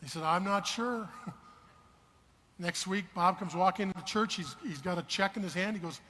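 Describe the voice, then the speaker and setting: Guy pastor telling sermon stories, high bright voice, acts out the back and forth, echoey hall w/ faint hiss. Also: normal speed. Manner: animated anecdotes acted out in quoted dialogue. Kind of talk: sermon storytelling.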